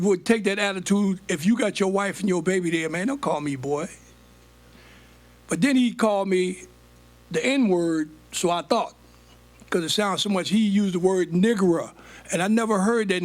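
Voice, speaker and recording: An older man, telling stories from his life as a guest speaker on stage. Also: sits high. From United States. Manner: animated storytelling, plays out quoted dialogue. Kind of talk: storytelling on stage.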